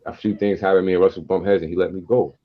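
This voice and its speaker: A man from Queens in his forties with a New York accent, a podcast guest telling stories in a casual, streetwise, animated way. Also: low voice, rapid-fire, phone-quality sound. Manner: animated, streetwise storyteller who acts out quotes. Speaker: guest rapper and producer.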